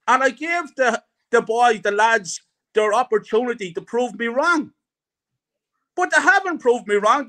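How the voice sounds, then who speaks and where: A man's voice: very high voice, pushed and bright. A middle-aged man ranting angrily about his football club, repeating himself as he vents. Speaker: guest fan. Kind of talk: heated fan rant.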